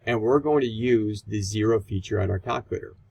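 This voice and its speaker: A man with a low, gravelly voice walks through a math lesson in a relaxed, chatty way. His tone is a little husky, with easy fillers as he explains each step. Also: brisk, rough recording. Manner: casual, conversational explaining with fillers. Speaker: math teacher.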